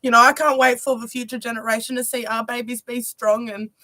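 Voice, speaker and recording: A woman's voice: fairly high pitch, flat delivery, fairly quick, pushed and bright, no room sound. A young adult woman, a musician, talking earnestly to viewers on a livestream and filling her speech with "you know". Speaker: musician presenting her music video premiere. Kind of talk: heartfelt livestream talk.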